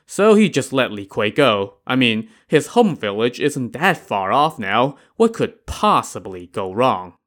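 A man's voice: mid-range voice, fairly bright tone. A man narrating a classic tale in a conversational, wry storytelling style with casual asides. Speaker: podcast narrator.

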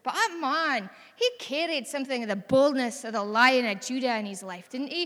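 A woman's voice: high-pitched, animated, moderate pace, hardly any pauses, a bit bright. Scottish woman preaching in a reverberant hall. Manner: chatty, earnest, rising to bold exhortation. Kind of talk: sermon.

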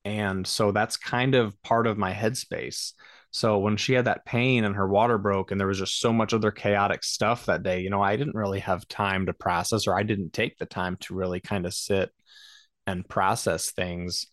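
A low-pitched man tells a family story in a relaxed podcast chat, earnest and reflective with a jokey streak. His voice sits close and dry on the mic. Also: normal speed, no echo. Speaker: podcast co-host, husband.

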